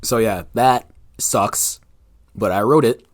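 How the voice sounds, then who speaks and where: A man's voice: fairly low pitch, takes it slowly, no echo. A young man, an author guest on a podcast, chatting casually and acting out scenes from his own book. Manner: animated storyteller, acts out scenes with quoted voices.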